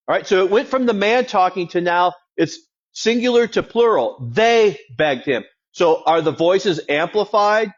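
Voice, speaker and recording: A man's voice: high-pitched, lively intonation, moderate pace. A man preaching a sermon as a pastor, in a conversational, wry teaching tone. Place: church. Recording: dull lo-fi sound.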